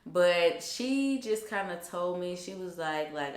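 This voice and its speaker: With an animated, lowish voice and a slow pace, a young woman vlogger shares a personal story, chatty and emphatic and heavy on fillers. The recording has a roomy echo.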